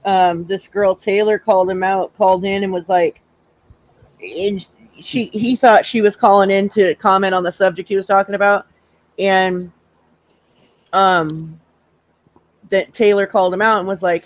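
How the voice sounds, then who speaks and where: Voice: mid-range voice, a little slow, long pauses, dry recording. A young adult on a casual livestream panel, telling stories and acting out what people said. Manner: animated storyteller, acts out quotes.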